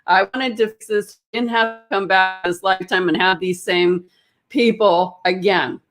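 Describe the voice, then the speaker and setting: A woman's voice: medium pitch, unhurried, a bit bright, soft background music. A woman energy healer telling a personal story to a group in a casual, rambling way, with many fillers and restarts.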